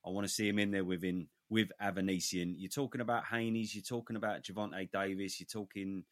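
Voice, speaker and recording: A man's voice: deep voice, fairly even intonation, a little fast, no echo, clean studio sound. A man co-hosting a boxing podcast, steering the topics and stating firm opinions. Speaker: podcast co-host. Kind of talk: casual boxing chat.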